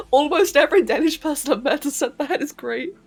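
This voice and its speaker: A chatty English woman with a slightly high voice talks her way through a live stream as she sculpts a 3D model. She laughs easily and stumbles over her words, with faint music under her voice. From London, England. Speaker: streamer and 3D artist. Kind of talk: casual live-stream chat while modelling.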